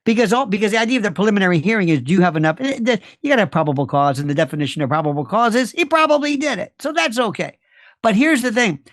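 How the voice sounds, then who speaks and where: Guy on a talk show breaking down a legal case, punchy and fast, super dry close mic. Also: sits high, expressive, a bit bright, no echo. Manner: emphatic, rapid-fire, rhetorical questions. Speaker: guest legal commentator. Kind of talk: animated talk-show commentary.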